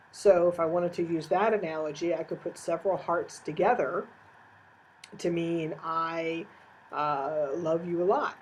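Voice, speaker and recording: A woman's voice: lowish voice, mellow, husky, poor audio. A woman giving a recorded course lecture, explaining step by step with frequent "uh" fillers.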